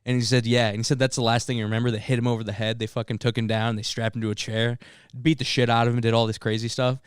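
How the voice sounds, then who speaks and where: A young man, a podcast co-host, telling a story in casual chat among friends, animated, with filler words and swearing. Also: mid-range voice, quick pace, clean tone, no room sound, clean studio sound.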